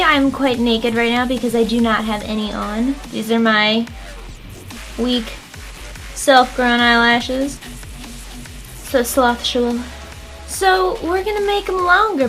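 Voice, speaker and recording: A woman's voice: sits high, a bit bright. A young woman doing a casual makeup tutorial at home, talking to the viewer in a playful, joking way. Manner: playful, jokey, talks straight to the viewer. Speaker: makeup vlogger.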